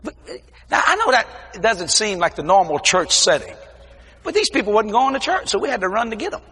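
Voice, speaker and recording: Animated high-voiced preacher man. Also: fairly quick, slight background noise. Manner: animated storytelling with shouted exclamations; folksy, informal grammar. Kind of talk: testimony sermon. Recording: long hall reverb.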